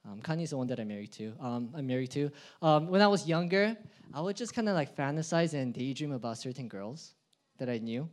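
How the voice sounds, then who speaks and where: A young adult man preaching a sermon, swinging between loud, emphatic build-ups and quiet, low asides. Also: expressive, brisk. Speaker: pastor.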